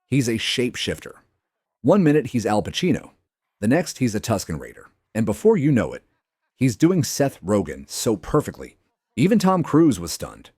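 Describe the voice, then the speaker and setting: A man's voice: mid-range voice, huge pitch swings, normal speed, a little mellow, husky, dry recording, clean studio sound. A man giving hyped scripted narration for a compilation video.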